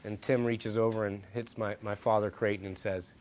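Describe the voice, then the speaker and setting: A man's voice: lowish voice, normal speed. Chatty man recalling old friends. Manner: relaxed, chatty, many fillers. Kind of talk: interview recollection.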